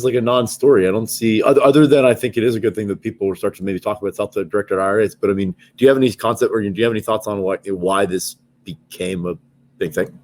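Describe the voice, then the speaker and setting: A man co-hosting a podcast, chatting casually in a measured, dry way. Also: fairly low pitch, darkish tone. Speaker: podcast co-host. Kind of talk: casual chat.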